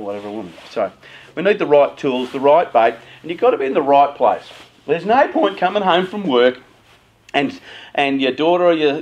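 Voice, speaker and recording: A middle-aged man giving an animated motivational talk to parents as a youth worker, acting out the voices of parents and teens. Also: mid-range voice, poor audio.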